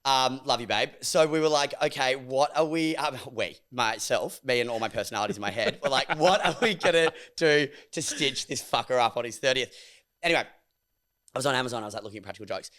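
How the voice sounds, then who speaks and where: A man in his thirties with an Australian accent, co-hosting a podcast in a casual, animated chat full of swearing and squealed impressions. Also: mid-range voice, fairly quick. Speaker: podcast co-host.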